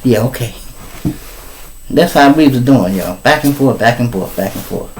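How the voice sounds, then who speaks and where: A middle-aged Chicago man tells a story from his own life in a loose, profane way. He jumps into squeaky, high voices whenever he acts out the people in the story. His everyday speaking pitch sits in the middle range. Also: expressive, moderate pace, a little mellow, slight background noise, poor audio. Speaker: storyteller host. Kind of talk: casual live storytelling.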